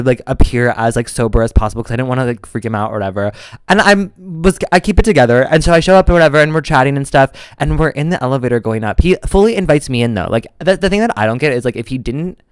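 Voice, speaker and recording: A man's voice: mid-range voice, quick pace, smooth, dry recording, studio quality. A young man in his twenties casually telling a long personal story on a podcast, acting out the voices of the people in it. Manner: animated storyteller, acts out quoted voices, many likes. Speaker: podcast co-host.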